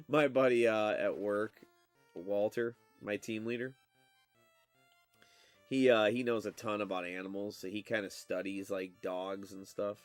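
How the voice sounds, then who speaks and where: A man's voice: fairly low pitch, steady tone, a little slow, no echo, faint music behind. A man chatting casually while he plays a game, telling a rambling story full of fillers and restarts. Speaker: gaming streamer.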